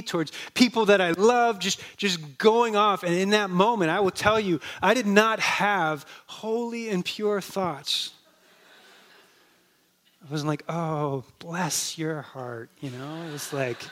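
A male pastor giving a sermon in a conversational storytelling way, dropping to a soft, slow voice on key words. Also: sits high. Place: church.

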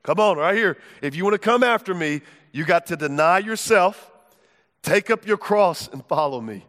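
A man's voice: high-pitched, animated, normal speed, a bit bright. A man voicing Jesus as an earnest, casual figure who urges his followers to listen closely. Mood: earnest, urging. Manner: casual, direct, urging. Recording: long hall reverb.

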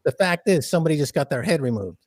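Brief: male guest, high voice, dry close sound, fiery and profane, loves a good rant. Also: quick pace, no echo. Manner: animated, profane, ranting delivery. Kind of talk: casual podcast chat.

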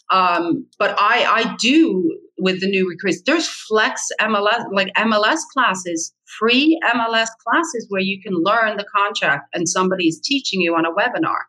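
A woman with a bright, forceful voice talks bluntly about her trade, hammering her points home by repeating them. She speaks as an experienced agent and mentor in a podcast interview. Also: mid-range voice, normal speed, low-quality recording. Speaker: real estate agent and mentor.

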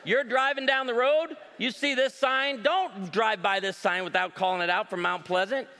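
A man in his forties performs stand-up on stage, his voice high and bright. He tells stories with animated delivery and slips into other voices for quotes. The sound carries a long hall reverb. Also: moderate pace. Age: 40s. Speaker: stand-up comedian. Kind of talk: live stand-up comedy.

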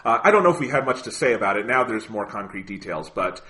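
Man, podcast co-host, casual chat, bright voice, animated, swears a lot. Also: on the low side, fast. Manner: animated, swears freely, lots of "like" and "you know".

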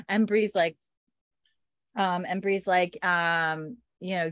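A woman co-hosting a casual podcast, retelling events with lively shifts into character voices. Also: on the low side, dry recording, clean studio sound. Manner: animated retelling, acts out characters in quick voices. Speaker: podcast co-host recapping a TV episode. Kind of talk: casual chat.

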